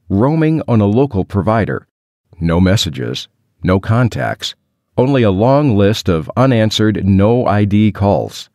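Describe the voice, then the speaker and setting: Lively low-voiced male narrator. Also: dry recording, studio quality. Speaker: audiobook narrator. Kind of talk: first-person scripted narration.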